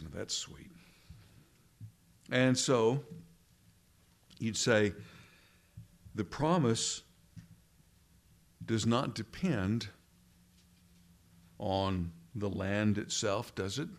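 A man leading prayer and preaching a sermon in an earnest, measured way, often tagging lines with rhetorical questions. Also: on the low side. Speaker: pastor.

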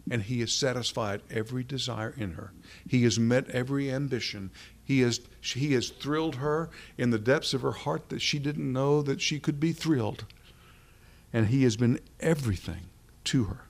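A man preaching an earnest sermon to a small evening gathering, with measured, drawn-out emphasis and a closing prayer. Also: medium pitch, gravelly.

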